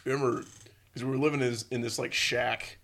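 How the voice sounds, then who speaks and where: A man telling stories in casual chat, relaxed, with frequent swearing and filler words. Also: mid-range voice, brisk.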